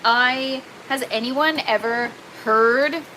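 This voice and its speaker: A woman's voice: high-pitched, slow, sharp tone, slight background noise, poor audio. A woman hosting a casual livestream, chatting and reading viewer comments aloud, laughing often. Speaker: livestream host. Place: indoor grow tent.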